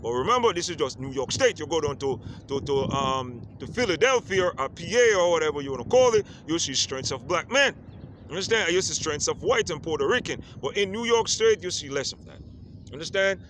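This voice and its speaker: A man's voice: on the high side, animated, fairly quick, a bit bright. A man who grew up on a Caribbean island, talking to the camera in a casual monologue and asking "you understand?" again and again. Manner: repeats "you understand?" often. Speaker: vlogger. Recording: faint street noise outdoors.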